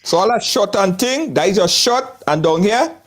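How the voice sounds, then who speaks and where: A man's voice: sits high, lively intonation, normal speed. A man from Trinidad with a Trinidadian accent, hosting a live talk show over a video call, laughing often and repeating himself. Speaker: host. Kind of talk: lively live-show chat.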